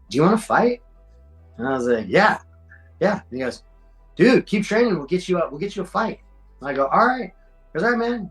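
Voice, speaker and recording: A middle-aged man, a podcast guest telling fight stories in a slangy, animated way. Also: medium pitch, rough recording. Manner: animated, acts out quoted voices, slangy. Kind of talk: casual storytelling.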